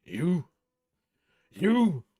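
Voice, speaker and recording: A man voicing a proud, furious male dwarf king in a storybook reading, with loud, drawn-out lines. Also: medium pitch, animated, no room sound, studio quality. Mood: wrathful.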